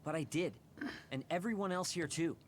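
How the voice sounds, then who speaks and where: A man's voice: a little high, normal speed, slight background noise, lightly acted. An actor voicing a blunt, hot-headed young man who confronts his leader in a video game. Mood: confrontational. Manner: brash, confrontational.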